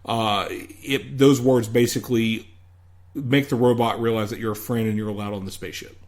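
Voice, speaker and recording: A man's voice: fairly low pitch, fairly even intonation, normal speed. A man co-hosting a casual podcast, retelling movie scenes in a rambling, hedging way. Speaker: podcast co-host. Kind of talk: casual movie recap chat.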